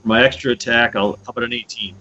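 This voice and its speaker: A man's voice: fairly even intonation, fast talker, background noise. A man playing a tabletop game, joking and poking fun at himself. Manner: self-mocking, joking. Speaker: player. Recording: dull low-fi sound with faint music.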